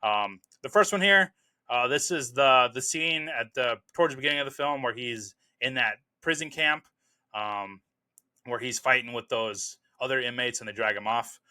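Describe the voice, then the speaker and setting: A young adult man hosting a casual film review, talking in a relaxed, rambling way with many fillers. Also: mid-range voice, normal speed.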